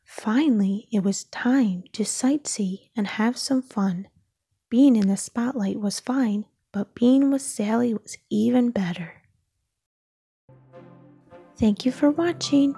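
A woman reading a children's story aloud in a soft, often whispered narration. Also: a little high. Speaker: storybook reader.

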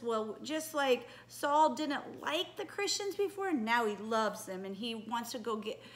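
A woman leading a children's church message, telling a Bible story in an animated way and coaxing the children with questions. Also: high voice. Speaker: children's ministry leader.

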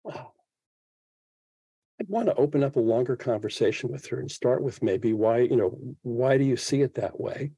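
A man's voice: mid-range voice, animated, normal speed, mellow, breathy edge, no room sound, lo-fi sound. A man in his seventies, a podcast guest speaking reflectively in an interview and thinking aloud with frequent restarts. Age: 70s. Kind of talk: interview conversation.

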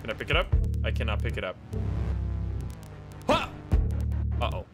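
Animated male gamer streamer. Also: on the low side, moderate pace, over loud music. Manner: self-mocking, swears and laughs often. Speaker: streamer playing a video game. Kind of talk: casual livestream commentary.

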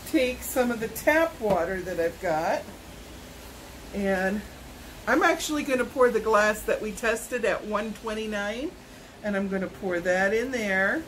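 A woman's voice: a little high, a little hiss or hum, poor audio. A woman, vlogging a casual product unboxing at home, chatty and rambling with self-corrections. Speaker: YouTube vlogger.

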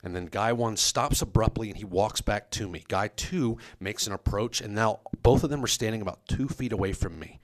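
A man telling a comic personal story on a podcast, animated and self-mocking, with his voice leaping up on quoted lines. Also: lowish voice, normal speed, hardly any pauses. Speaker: comedic storyteller.

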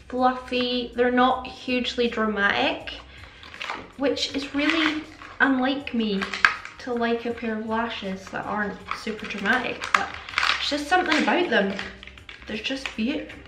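A woman's voice: a little high, a little slow, noisy background. A woman chatting casually through a makeup tutorial, rambling and self-aware. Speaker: beauty vlogger. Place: home makeup setup. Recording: echoey room with faint music.

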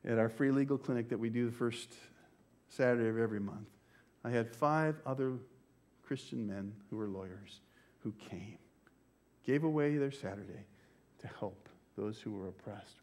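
An older man and pastor, preaching a sermon with slow, emphatic phrasing that sometimes drops to a near-whisper. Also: mid-range voice, a little mellow. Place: church.

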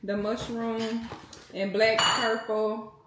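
A woman's voice: fairly high pitch, level tone, slow pace, roomy sound, very noisy. A woman in her thirties chatting casually to her viewers in a home vlog, talking straight to them as "y'all". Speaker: vlogger.

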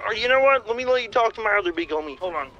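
A man's voice: high-pitched, expressive, racing, over a noisy crowd. A man in GTA roleplay, suspicious and profane, repeating himself on a phone call.

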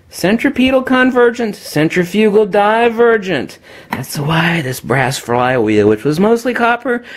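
Animated man demonstrating magnets. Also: a little high. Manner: animated and emphatic, addresses viewers as kiddies. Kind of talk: unscripted demonstration talk.

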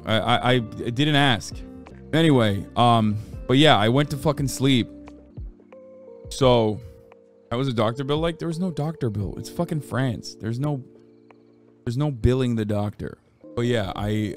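A man in his thirties chatting casually as a streamer, answering viewer questions, cursing freely and swinging between low mumbling and loud rants while in pain from an injury. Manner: profane, ranting, shifts between low mumble and loud outbursts.

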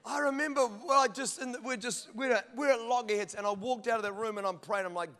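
A man's voice: extremely high pitch, fast talker, hardly any pauses, bright, forceful tone. A middle-aged male pastor preaching a sermon, telling funny stories and acting out bits of dialogue. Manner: humorous storytelling, acts out dialogue. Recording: long church hall reverb.

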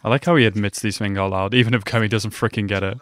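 Fast and lowish-voiced, a young man reacts to an anime episode with casual, excitable commentary, answering the screen as he watches.

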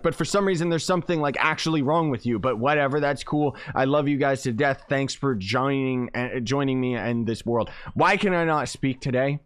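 A man's voice: medium pitch, a little fast, few pauses, no room sound. Playful rambling gamer guy. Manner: playful, rambling, jokey, self-mocking. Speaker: gaming YouTuber. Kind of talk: casual game commentary.

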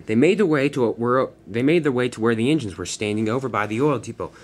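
A man's voice: mid-range voice, fast. Young man narrating a homemade train story. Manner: stumbling, restarts mid-sentence.

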